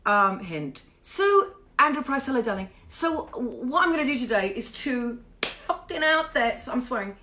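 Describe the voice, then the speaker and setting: A British woman singer hosting a casual home livestream, chatty and warm with viewers, greeting them by name and swearing playfully. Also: high voice, sing-song, normal speed. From Britain.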